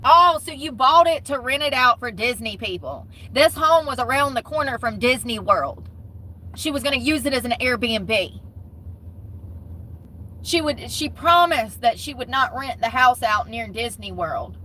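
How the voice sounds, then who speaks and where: Blunt, bright-voiced woman vlogger. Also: fairly high pitch, expressive, unhurried, a little hiss or hum, rough recording. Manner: blunt, profane, mocking. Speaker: commentary vlogger. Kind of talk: casual commentary.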